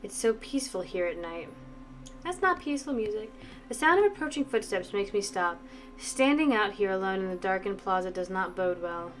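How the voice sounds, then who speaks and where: A woman streamer reading a visual novel aloud, brisk narration with playful asides. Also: mid-range voice, animated. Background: faint game music.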